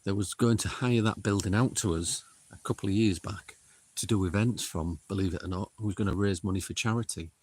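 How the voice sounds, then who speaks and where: A middle-aged man with a low-pitched, slightly rough voice hushes his tone as he slowly calls to spirits, giving casual live commentary on his outdoor paranormal investigation stream from a wind-swept cemetery.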